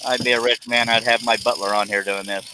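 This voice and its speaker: A man's voice: medium pitch, level tone, fast talker, pushed and bright, slight background noise, rough recording. A man hosting a woodworking live stream, rambling and joking as he reads viewer comments. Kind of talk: casual live stream chat. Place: home woodworking shop.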